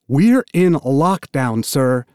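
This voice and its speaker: A man voicing a female prison guard who barks stiff, loud orders. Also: mid-range voice, big pitch swings, takes it slowly, clean tone, dry recording, clean studio sound. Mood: commanding.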